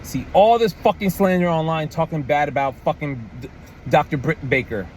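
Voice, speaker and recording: Casting: excitable man, higher voice, swears constantly, faint noise behind. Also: normal speed. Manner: animated, profane, repeats "man" and "like". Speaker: wrestling commentary vlogger. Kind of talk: casual ranting commentary.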